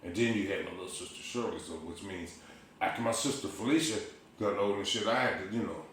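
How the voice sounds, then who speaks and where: Animated, laughing man telling stories. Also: low-pitched, quick pace, recorded from a distance. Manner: animated storyteller, laughs often, profane. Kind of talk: casual storytelling chat. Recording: echoey room with faint noise.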